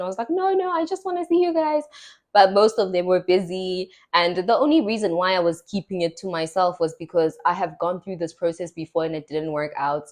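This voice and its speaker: A woman's voice: fairly low pitch, darkish tone. Chatty young woman. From South Africa. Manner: chatty storytelling, acts out quoted voices. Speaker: podcast host. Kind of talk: casual chat.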